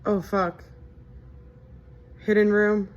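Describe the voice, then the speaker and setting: A woman's voice: mid-range voice, flat delivery, drawn-out words, lo-fi sound. A young woman in casual movie reaction commentary, chatty and wry, often incredulous and laughing.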